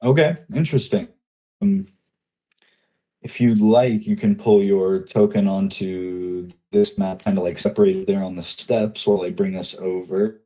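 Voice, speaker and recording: A man narrating a tabletop role-playing game as game master, taking his time over every description. His voice is low and warm, and he speaks slowly and calmly. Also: low-quality recording.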